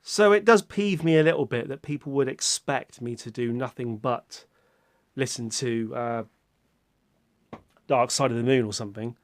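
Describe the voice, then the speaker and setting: A British man talking to his viewers in a casual vlog, rambling and self-mocking, swearing casually and breaking into sudden loud outbursts. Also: medium pitch, normal speed, no room sound. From Britain. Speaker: YouTuber.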